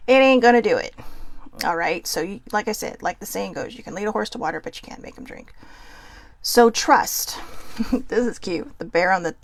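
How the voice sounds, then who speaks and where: A woman with a Californian accent hosting a casual solo talk, reading cards aloud and chatting quickly, with frequent self-interruptions and an admitted nervousness. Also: mid-range voice, gravelly, no echo. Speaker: host. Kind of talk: casual musing while reading oracle cards.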